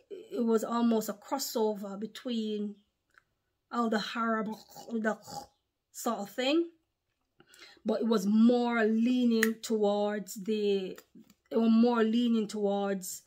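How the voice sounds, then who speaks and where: A woman preaching a sermon to her video audience. She talks emphatically, repeats herself, and pauses to recollect. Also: on the high side, a little mellow.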